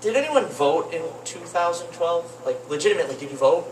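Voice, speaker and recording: A young man doing rambling open-mic stand-up comedy in a cafe, with deadpan asides. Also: on the high side, brisk. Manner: rambling, deadpan asides, lively swings into mock voices. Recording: roomy cafe with faint noise, distant mic.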